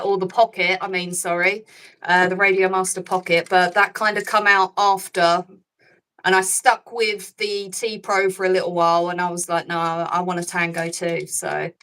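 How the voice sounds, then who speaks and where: A woman's voice: lowish voice, fairly bright tone, poor audio. A young woman with an English accent talks casually as a podcast guest. Her speech is chatty, full of fillers and restarts. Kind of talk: casual chat.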